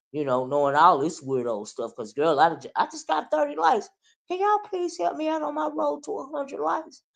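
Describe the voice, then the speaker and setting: Chatty rambling woman in commentary. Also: fairly low pitch. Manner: chatty and rambling, with many fillers and restarts, speaking straight to viewers. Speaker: YouTube commentary host. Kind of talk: casual gossip commentary livestream.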